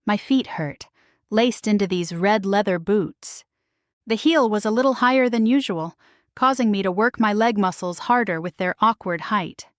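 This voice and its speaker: A woman narrating a first-person romance novel in a steady, expressive reading voice. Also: medium pitch, no echo, studio quality. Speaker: audiobook narrator.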